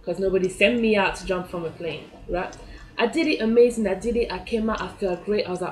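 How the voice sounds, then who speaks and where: A woman's voice: medium pitch, fairly quick, darkish tone. A woman, telling a personal story in a chatty way and acting out her own reactions. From France. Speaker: vlogger. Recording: echoey room.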